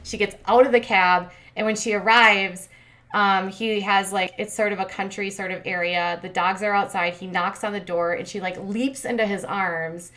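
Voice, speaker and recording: A woman's voice: medium pitch, steady tone, moderate pace, a bit bright. A woman hosting a commentary channel, recapping a reality show in a chatty, filler-heavy way with sarcastic asides.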